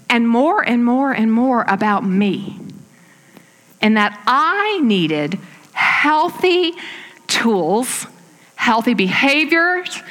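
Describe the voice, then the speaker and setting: A middle-aged woman preaching in a church, animated and emphatic, laughing at herself now and then. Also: a little high, big-room sound. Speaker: guest speaker. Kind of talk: sermon.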